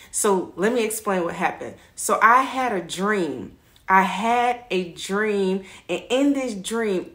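A woman's voice: mid-range voice, fairly bright tone. A woman sharing a personal faith testimony to camera, earnest and repetitive as she tells her story. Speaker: faith vlogger.

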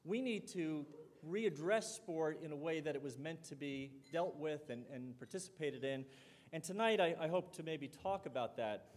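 Guy giving a talk, fairly high voice, lots of hall echo, chatty storyteller. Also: normal speed, darkish tone. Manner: conversational, storytelling, acts out quoted dialogue. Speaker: college president giving a talk. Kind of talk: public speech with anecdotes. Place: lecture hall or dining hall. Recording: long hall reverb.

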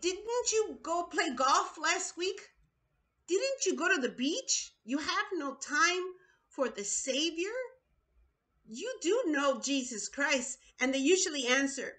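A woman's voice: high-pitched, expressive, slow pace, bright, forceful tone. A woman preaching in a video sermon, urgent and pleading, often repeating her words.

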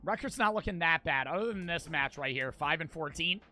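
A man's voice: fairly high pitch, lively intonation, a little fast, bright, forceful tone, soft background music. A man live-streaming a game, chatting with his viewers in a profane, ranting way. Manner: profane, ranting, talks to chat. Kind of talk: casual gaming stream chat.

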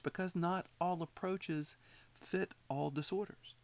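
A man's voice: mid-range voice, normal speed, creaky. A man teaching a psychology class, talking conversationally and putting questions to his students. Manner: conversational, repeats himself, asks students questions. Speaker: psychology instructor. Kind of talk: recorded lecture commentary.

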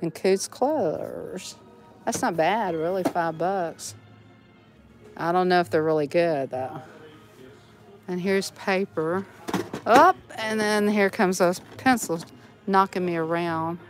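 A woman's voice: lowish voice, measured pace. Southern woman vlogger, chatty and giggly, store aisles, faint background music. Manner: chatty, giggly, talks to viewers while browsing. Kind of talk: casual shopping vlog. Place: inside a large discount store.

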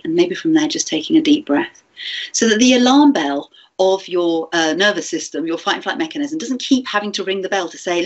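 A woman giving a gentle, chatty teacher training talk, with fillers and restarts. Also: lowish voice, expressive, normal speed, highs cut off.

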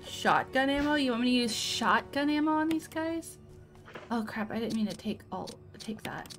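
A woman giving casual let's-play commentary, talking to herself and letting out frightened yelps. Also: on the high side.

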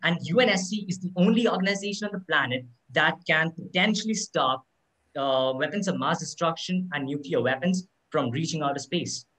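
Young guy debating, kinda higher voice, earnest, lots of like and you know. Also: fairly quick, sharp tone, slight background noise, low-quality recording. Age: teenager or young adult. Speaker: student debater. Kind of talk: live debate rebuttal. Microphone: computer mic on a video call.

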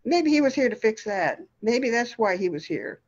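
A woman's voice: a little high, sing-song, normal speed, highs cut off, voice pushed up. A woman voicing a feisty, stubborn elderly woman with dementia, scolding in a tart way. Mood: rambling. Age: older.

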